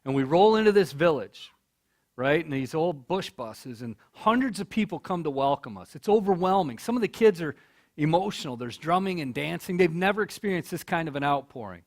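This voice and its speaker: A man's voice: on the high side, animated, a little fast. A middle-aged man giving a storytelling speech as keynote speaker at a college, earnest, repeating words when he gets stirred up. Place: college hall.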